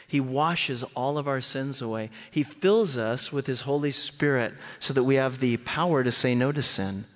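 A man preaching a sermon as a guest speaker, animated and lively, often acting out voices. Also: normal speed. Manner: animated, acts out quoted voices with big pitch jumps. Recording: long hall reverb.

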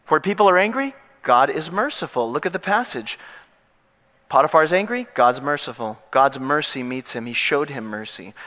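A male pastor giving an animated, emphatic sermon that mixes in jokes. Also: a little high. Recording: long echo in a large hall.

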